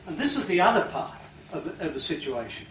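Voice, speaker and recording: A calm man running a hypnosis training demonstration, talking softly and sometimes dropping to a hush. He sounds distant from the microphone in an echoey room. The recording is dull and noisy. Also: a little high, fast talker. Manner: calm, soft-spoken, drops to a hush when guiding breathing.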